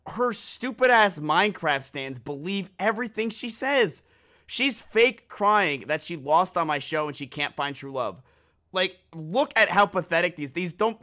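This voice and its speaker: Young man streaming, cocky and crude, high bright voice, laughs through his own jokes. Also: animated, measured pace. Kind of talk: casual chat.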